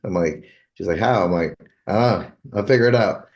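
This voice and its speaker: Deep-voiced man telling a long story. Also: brisk, darkish tone. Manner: acts out quoted dialogue in a long anecdote. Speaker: guitarist's manager. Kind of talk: storytelling in a casual interview.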